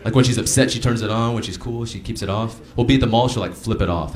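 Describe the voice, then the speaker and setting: A man doing a stand-up comedy set, telling animated stories and putting on impressions of his mother. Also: mid-range voice, fast. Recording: live comedy club, roomy with crowd.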